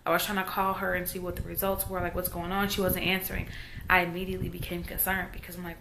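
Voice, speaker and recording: A Southern woman in her thirties talks in a personal vlog, her voice on the lower side. She speaks quietly and haltingly, often trailing off mid-thought. A faint noise sits under the recording. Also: monotone, creaky. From Texas. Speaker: vlogger.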